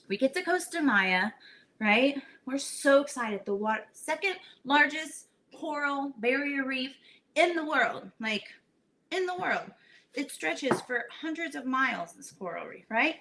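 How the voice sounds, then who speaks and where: A woman's voice: mid-range voice, a bit bright, slight background noise. A woman hosting a home cooking show, chatting animatedly as she tells a story in her kitchen.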